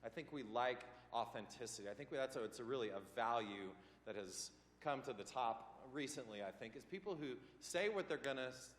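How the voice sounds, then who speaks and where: A man's voice: mid-range voice, lively intonation, brisk, hardly any pauses, a bit bright, a little hiss or hum. A man leading a church leadership class in a loose, rambling teaching style, full of ums and self-corrections. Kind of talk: casual teaching talk. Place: church meeting room. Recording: roomy hall with long reverb.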